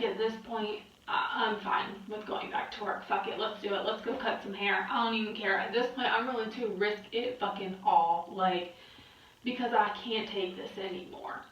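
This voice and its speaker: A woman's voice: medium pitch, a bit bright, a little hiss or hum. A young adult woman talking candidly in a personal vlog, weary and exhausted, rambling and swearing. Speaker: vlogger. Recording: very echoey, distant, muffled.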